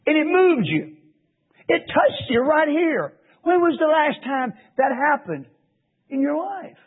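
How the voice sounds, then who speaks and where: A man's voice: very high voice, big pitch swings, slow pace. A man preaching a sermon, pressing his listeners with impassioned rhetorical questions. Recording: tinny phone-like radio broadcast.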